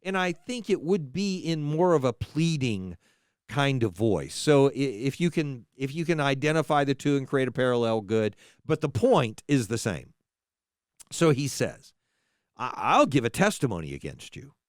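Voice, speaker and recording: A man teaching scripture in a preaching style, emphatic and animated, with drawn-out stresses and frequent restarts as he thinks aloud. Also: medium pitch, smooth, no echo, studio quality. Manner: restarts and repeats words while thinking aloud. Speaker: podcast host teaching scripture.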